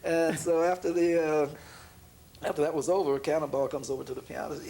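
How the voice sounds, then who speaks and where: A man, a jazz pianist being interviewed, telling a story in a relaxed way, laughing often and acting out the voices of the people in it. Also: on the high side, fast, slight background noise. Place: room in an apartment.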